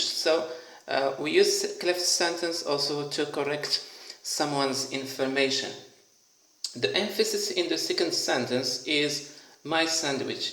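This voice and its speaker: A man gives a grammar lesson at an unhurried, deliberate pace, stopping to repeat each example sentence. His pitch sits in an ordinary middle range. The sound is echoey, as if he is recording in a bare room. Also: fairly bright tone. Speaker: English teacher.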